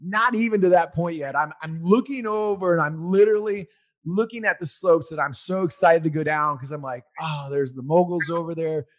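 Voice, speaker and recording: A man in his forties telling a personal story in a casual, rambling way, getting loud and animated as he relives it. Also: high voice, a little fast.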